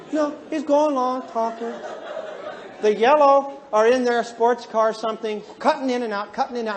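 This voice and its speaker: High-voiced man joking through a lecture. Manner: animated, joking, asks the audience questions. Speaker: counselor teaching a class. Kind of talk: humorous lecture to a live class.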